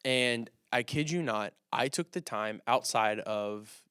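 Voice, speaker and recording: A young man co-hosting a podcast, a youth pastor telling a story in a casual, animated way and acting out the dialogue. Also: mid-range voice, takes it slowly, smooth, no room sound, clean studio sound. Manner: animated, acts out quoted dialogue.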